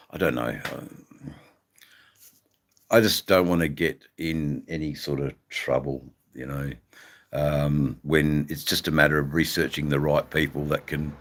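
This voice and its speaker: A man's voice: rumbling low, a little hiss or hum. An Australian man hosting a livestream, chatting in a rambling, casual way and greeting viewers by name. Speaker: livestream host.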